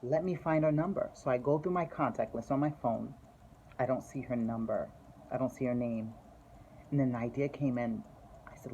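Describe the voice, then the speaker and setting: A woman's voice: very deep voice, normal speed, warm tone, lo-fi sound, slight background noise. A woman telling a personal faith testimony in an earnest, conversational storytelling way. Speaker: testimony speaker.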